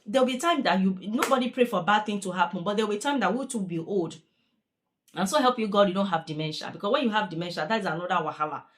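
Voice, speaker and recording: A woman's voice: mid-range voice, fast talker. A young woman, a care worker talking in a chatty, earnest, repetitive way in a casual vlog. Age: young adult.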